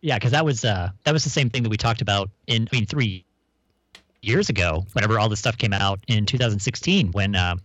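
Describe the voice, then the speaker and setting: A man's voice: on the low side, brisk, fairly bright tone, no echo. Hesitant man in casual podcast chat. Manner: hesitant, many fillers and restarts.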